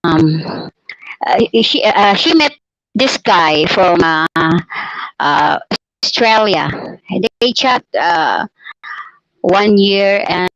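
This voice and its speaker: A woman's voice: medium pitch, lively intonation, extremely slow, pauses often, fairly bright tone, no room sound, dull audio. A woman telling a personal story on a live chat, hesitant, full of fillers and restarts. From Philippines. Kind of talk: casual live-stream storytelling.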